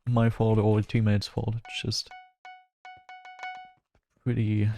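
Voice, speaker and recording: A man's voice: lowish voice, completely flat delivery, slow, dark tone, faint music behind. A male streamer chatting casually while playing a game, rambling and laughing often. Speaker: gaming streamer. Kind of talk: casual gameplay commentary.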